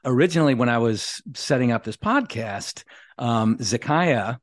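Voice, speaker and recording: A man's voice: medium pitch, expressive, normal speed. A man hosting a leadership podcast, affirming his guest in a conversational way and often restarting and repeating his phrases. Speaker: podcast host.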